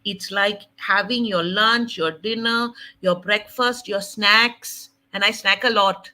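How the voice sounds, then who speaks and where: A woman sharing her faith testimony in an animated, laughing way. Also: mid-range voice, slow pace, poor audio. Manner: animated, laughing often, dramatic quoting.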